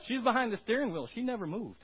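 Pastor guy preaching, husky kinda high voice, keeps asking "right?", muffled church recording. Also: fast talker. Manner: animated, calls out "Amen?" and "right?" to the congregation; acts out quoted voices with sudden loud, high outbursts. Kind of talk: sermon. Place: church hall before a congregation.

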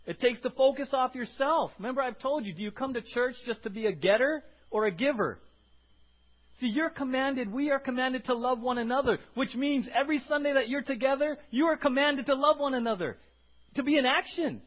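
A man's voice: high voice, highs cut off. A man preaching a conversational sermon to his congregation, joking and calling on people by name. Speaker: pastor.

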